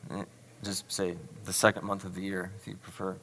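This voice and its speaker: Bright-voiced pastor in a reverberant hall. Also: male voice, low voice, completely flat delivery, brisk. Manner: chatty and self-deprecating, asks the audience questions. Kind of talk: sermon with a playful word quiz. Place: church hall with an audience. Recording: long reverb of a large hall.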